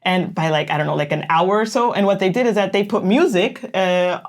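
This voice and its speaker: A woman with a lowish voice chats casually as co-host. She talks freely, laughs often and fills her sentences with "like.". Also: fairly quick. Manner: chatty, laughs often, says "like" a lot. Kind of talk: casual chat.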